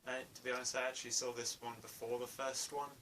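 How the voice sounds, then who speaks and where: A man's voice: medium pitch, level tone, fast, pushed and bright. Hesitant man reviewing a film. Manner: hesitant, many fillers and restarts. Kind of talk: casual spoken film review. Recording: distant mic, faint room noise.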